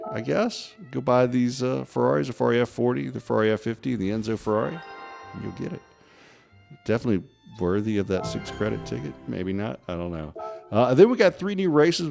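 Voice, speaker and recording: A man's voice: on the low side, gravelly. A man giving casual, joking commentary over racing game footage. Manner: chatty, joking, lively. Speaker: gaming video host.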